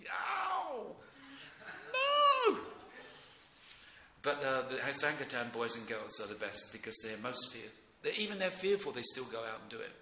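A middle-aged man giving an informal devotional class in a temple room, rambling and excitable, often breaking into chuckles. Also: medium pitch, brisk, hardly any pauses. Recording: echoey room with faint noise.

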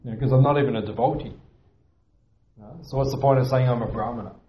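A man's voice: mid-range voice, fast, mellow, slight background noise. A man teaching at a temple, giving a devotional lecture in an earnest, self-deprecating way and repeating his points for emphasis. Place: temple hall. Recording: echoey hall.

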